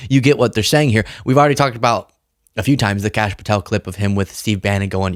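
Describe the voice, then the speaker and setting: A man's voice: fairly low pitch, a little fast, dry recording, clean studio sound. A man hosting a political commentary show, talking casually with a sarcastic, mocking edge.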